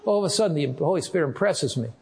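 Older male pastor, slightly high voice, earnest and measured sermon delivery that slows to stress key words. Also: animated, a little mellow.

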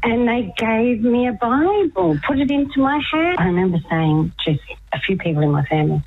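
A woman guest telling her story in a casual chat, animated and laughing often. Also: on the low side, moderate pace, breathy edge. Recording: tinny phone line with faint noise.

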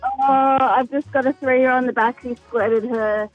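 A woman's voice: high-pitched, fairly even intonation, moderate pace, breathy edge, soft background music. A woman calling in to a radio show from her car, friendly and chatty. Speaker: radio caller, contest winner. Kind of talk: casual call-in chat. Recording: dull phone-line sound.

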